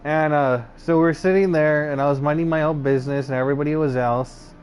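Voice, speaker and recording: A brisk, slightly high, somewhat mellow male voice holds a steady tone, with a little hiss or hum underneath. He's a young channel host casually telling his own stories, full of fillers, restarts and hesitant rambling.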